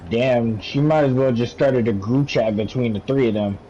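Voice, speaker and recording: A man's voice: medium pitch, normal speed, mellow, muffled recording. Man, dry wisecracking sidekick, audible background noise. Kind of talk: casual chat.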